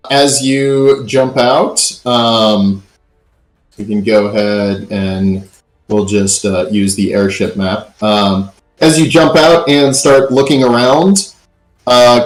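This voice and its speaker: A man narrates a tabletop game as its game master, easygoing and peppered with fillers. His voice sits at a middle pitch. The room gives it a noticeable echo. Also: a little slow, faint music behind. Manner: relaxed, filler-heavy narration. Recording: echoey room.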